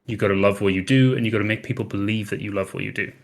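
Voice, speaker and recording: A man's voice: fairly low pitch, steady tone, rapid-fire, gravelly. A man who is a guest on a panel, speaking in a confident, lecturing, emphatic way. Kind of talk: casual panel chat.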